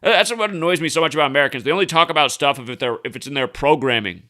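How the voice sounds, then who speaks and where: A man's voice: a little high, racing, sharp tone. A man in his thirties giving a rambling, indignant commentary, emphatic and full of restarts. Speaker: conspiracy news commentator. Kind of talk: casual ranting commentary.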